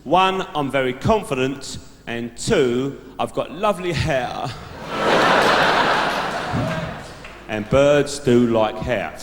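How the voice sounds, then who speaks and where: A man's voice: mid-range voice, lively intonation, takes it slowly, hardly any pauses, noisy background. A man doing a stand-up act as a brash, laddish bloke giving dating tips to a live audience. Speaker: stand-up comedian. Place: large live venue stage. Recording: echoey hall from the stage mic.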